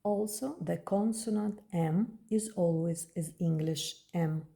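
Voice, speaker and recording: A woman with a Russian accent, a native Russian speaker, gives a slow, patient beginner language lesson and repeats words for practice. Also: on the low side, gravelly, warm tone. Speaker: language teacher.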